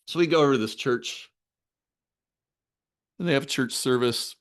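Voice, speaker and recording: A man's voice: mid-range voice, normal speed, pauses often. A man telling a personal story to a discussion group, acting out the other people in it. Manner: animated, acts out other people's lines in the story. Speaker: discussion leader. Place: online video meeting.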